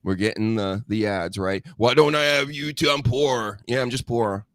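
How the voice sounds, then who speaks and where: A man's voice: medium pitch, normal speed, a bit bright. Blunt, profane podcast host man. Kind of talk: casual live-stream commentary.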